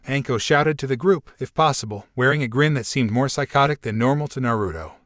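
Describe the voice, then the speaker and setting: Dry, even male story narrator. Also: mid-range voice, fairly quick, few pauses, dry recording. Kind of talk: scripted narration of fan fiction.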